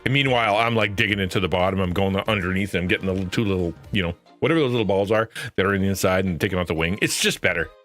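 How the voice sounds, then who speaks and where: A man streaming and chatting casually with viewers, rambling and correcting himself, often jumping up into an excited high voice. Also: rapid-fire, hardly any pauses, soft background music. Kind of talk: casual chat.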